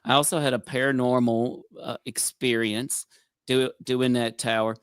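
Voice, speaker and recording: A man's voice: mid-range voice, level tone, moderate pace, smooth, no room sound, studio quality. A man in casual group chat, friendly and enthusiastic. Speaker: guest contestant.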